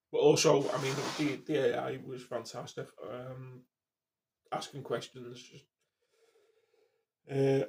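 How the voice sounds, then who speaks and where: A man's voice: medium pitch, vocal fry, a little mellow, a little hiss or hum. A man in his fifties, rambling casually, swearing and restarting his sentences. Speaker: vlogger.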